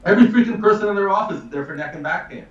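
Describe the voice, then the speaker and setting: A man's voice: high-pitched, rapid-fire, echoey room, distant mic, lo-fi sound, slight background noise. A man telling a long story in casual, emphatic talk, a chiropractor guesting on a live show. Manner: animated, emphatic, swears casually.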